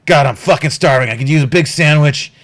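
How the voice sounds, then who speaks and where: Hostelon, a man voicing a loud swearing watch captain. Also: a little high, pitched above the performer's own voice, close to an everyday voice. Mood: jovial. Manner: loud, swearing, hearty, rushed. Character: boisterous foul-mouthed male city watch captain. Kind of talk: tabletop role-play improvisation.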